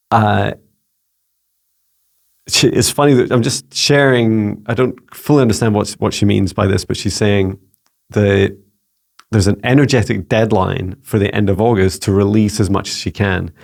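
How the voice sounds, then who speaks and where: Gravelly low Scottish man, halting delivery. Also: a little mellow. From Scotland. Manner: halting, searching for words as he relays messages. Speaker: psychic mentor answering viewer questions. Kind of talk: casual solo channeling Q&A. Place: home with a laptop.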